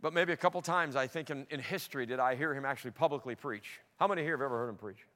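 A middle-aged male pastor preaching a sermon, swinging between loud emphatic peaks and soft low asides. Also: rapid-fire. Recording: long hall reverb.

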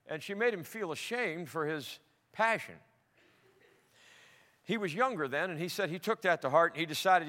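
High, bright-voiced preacher man in a hall. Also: lively intonation, moderate pace, long pauses. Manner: emotional, swinging between loud emphatic peaks and soft low asides. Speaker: pastor. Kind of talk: sermon. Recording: long hall reverb.

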